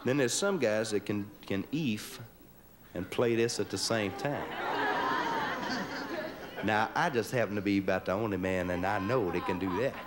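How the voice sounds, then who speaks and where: Man, show host, folksy joking patter, lowish voice, noisy old broadcast. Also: moderate pace, long pauses. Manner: joking, down-home, leads crowd in chants. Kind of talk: folksy stage patter with audience. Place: TV studio stage with live audience. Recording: noisy 1970s live TV broadcast. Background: studio audience laughing.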